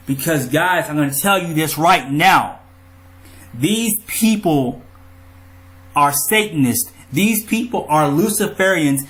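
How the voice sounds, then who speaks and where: A man in an angry monologue to his viewers, riled up, profane and ranting. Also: on the high side. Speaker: vlogger.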